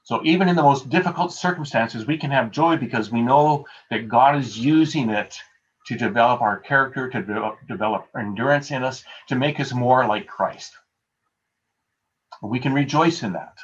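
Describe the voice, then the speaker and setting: A man's voice: medium pitch, normal speed, muffled recording. A man preaching a sermon as pastor, earnest and emphatic, repeating key phrases for weight.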